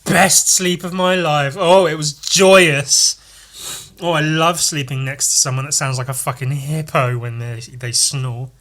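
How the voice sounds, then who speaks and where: A man's voice: a little high, animated, a little slow, a bit bright, breathy edge, full character voice. A man voicing a man cursed to always be sarcastic, speaking with mock cheerfulness.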